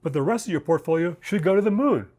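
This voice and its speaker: A man's voice: high-pitched, animated, quick pace, darkish tone. Chatty man explaining trading basics. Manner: chatty, lots of "okay?" and "right?" check-ins; uses homely examples and jokes. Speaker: trading educator, co-founder. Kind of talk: casual explainer talk to camera.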